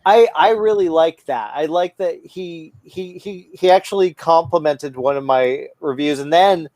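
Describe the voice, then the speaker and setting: Man, podcast host, casual chat, higher voice, animated and rambling, dry close sound. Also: a little slow, no echo. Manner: animated, rambling with frequent restarts and swearing.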